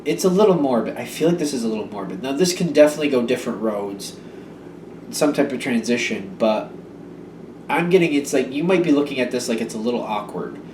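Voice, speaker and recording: Sounding expressive and a little fast, this tarot reader speaks at medium pitch over background noise. His reading is casual and halting, loaded with fillers and restarts, and his voice comes from a distance in an echoey room.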